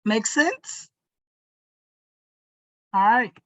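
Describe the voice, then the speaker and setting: A young adult woman teacher giving a gentle lesson to children, encouraging them and often checking in with "right?" and "okay?". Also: a little high, animated, very slow, dry recording, lo-fi sound.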